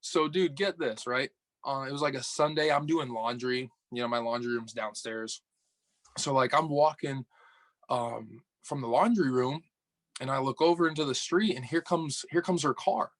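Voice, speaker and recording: A young man from upstate New York is on a podcast telling a story about dating in relaxed talk. He's animated, swears, and plays out the dialogue, speaking at a moderate pace in a mid-range voice on a dry recording.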